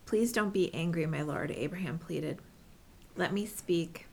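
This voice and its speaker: A woman reading a scripture passage aloud at a steady, measured pace. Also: fairly low pitch, gravelly, a little hiss or hum. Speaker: scripture reader.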